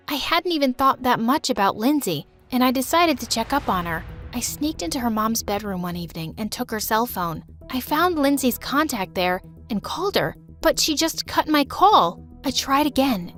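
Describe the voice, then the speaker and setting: A young woman with a high, bright-pitched voice narrates a dramatic animated story in the first person. Her delivery is emotive and lively, with faint music playing behind her. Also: normal speed, few pauses.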